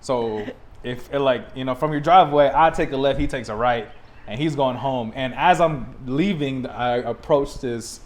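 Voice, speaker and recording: A young man from Texas, a podcast host, telling a story in a casual, animated way and laughing often. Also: mid-range voice, moderate pace. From Texas, USA.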